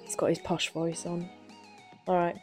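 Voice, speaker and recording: A woman's voice: on the low side, monotone, darkish tone, husky, soft background music. Teasing woman podcast co-host. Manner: teasing, quick to laugh. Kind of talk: casual chat.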